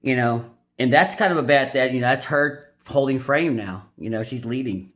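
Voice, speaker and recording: A man's voice: mid-range voice, normal speed, a bit bright. Rambling, opinionated man talking casually. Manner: rambling, with many fillers and restarts; blunt and opinionated. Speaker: video host summarizing a dating-advice book. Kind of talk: casual unscripted commentary.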